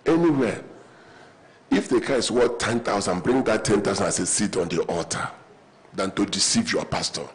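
A man's voice: lowish voice, moderate pace, low-quality recording. A man preaching a sermon in a church auditorium, telling humorous stories and calling the congregation to respond. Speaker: pastor.

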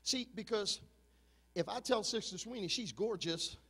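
A man in his fifties, a pastor preaching an impassioned sermon that swings from shouting to low, confiding talk. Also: moderate pace, slightly rough, big-room sound.

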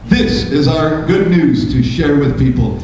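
Male pastor, high voice, fervent preaching, rhetorical questions, booming church echo, mic from far off. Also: lively intonation, a little slow, dark tone, slight background noise. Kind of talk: sermon. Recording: echoey church room, mic from a distance.

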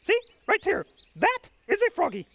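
A man's voice: very high voice, wildly swooping pitch, normal speed, a bit bright, exaggerated voice. A man playing a furry blue monster who poses as an expert, speaking formally with no contractions and great, bumbling confidence, in a children's puppet show. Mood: pompous. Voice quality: gravelly.

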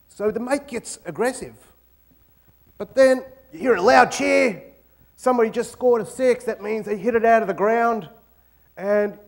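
A man's voice: sits high, moderate pace, long pauses. An Australian man giving a humorous guest lecture in a university auditorium, acting out little scenes with mock dialogue. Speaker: guest speaker.

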